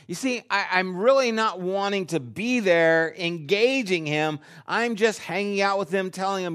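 An older man, a grandfather, preaching a sermon and telling a personal story, acting out his own lines and dropping to a hushed delivery at times. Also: high-pitched, lively intonation, unhurried. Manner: drops to a hushed, quiet delivery. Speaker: pastor.

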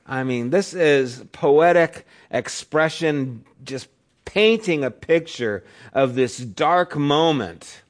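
Casting note: middle-aged male pastor, mid-pitched voice, relaxed storytelling sermon delivery. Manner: conversational storytelling, acts out quotes in raised voice.

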